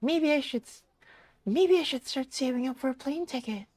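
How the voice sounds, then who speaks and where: A man's voice: moderate pace, dry recording. A man doing a chirpy young barista. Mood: cheerful. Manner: high, bright, eager.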